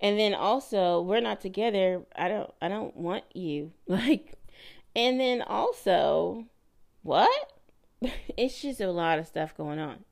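A woman hosting her own podcast, telling a personal story in a casual, animated way and acting out the voices in her quotes. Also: mid-range voice, unhurried, gravelly. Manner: animated, laughing, mimics voices in quoted lines. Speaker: podcast host.

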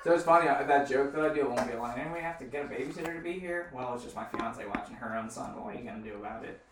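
A podcast co-host with a mid-range voice jokes and tells stories at rapid-fire speed, trading crude banter in casual chat. He's recorded from far off in an echoey room, with faint background noise.

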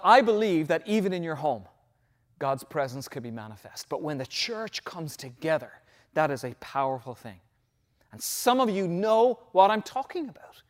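A middle-aged man preaching a sermon, telling a personal story earnestly, swelling louder on key phrases and dropping almost to a whisper. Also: fairly high pitch. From Ireland. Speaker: pastor.

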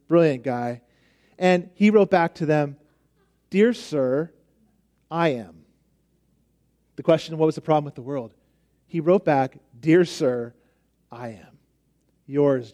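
A man's voice: fairly high pitch, a little mellow. A man preaching a conversational sermon, emphatic at times and dropping almost to a whisper at others. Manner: conversational, emphatic, with frequent restarts and drops to near whisper.

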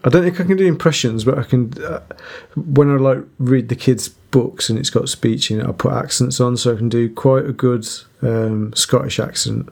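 A man's voice: medium pitch, moderate pace, vocal fry, few pauses, darkish tone. A man hosting a podcast in easygoing, self-deprecating casual chat. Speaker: podcast host.

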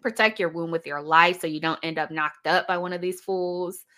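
A woman's voice: on the low side, steady tone, moderate pace, bright, forceful tone. A woman giving casual, emphatic reaction commentary, chatty and laughing often.

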